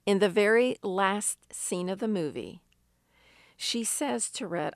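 Slow, deliberate woman preaching. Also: medium pitch, animated, dry recording, studio quality. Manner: unhurried storytelling with emphatic rises. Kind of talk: sermon.

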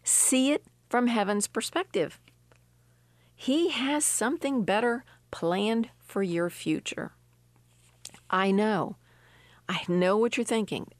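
A woman's voice: medium pitch, dry recording. An older woman with an earnest, emphatic manner, reading scripture and giving a personal devotional testimony. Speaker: devotional speaker.

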